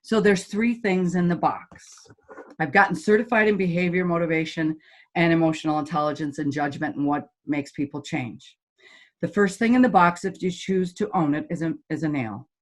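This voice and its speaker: A woman's voice: deep voice, moderate pace. A middle-aged woman, a golf teaching pro and motivational speaker, telling stories bluntly and vividly in a podcast interview. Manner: blunt, lively storyteller who acts out quoted voices.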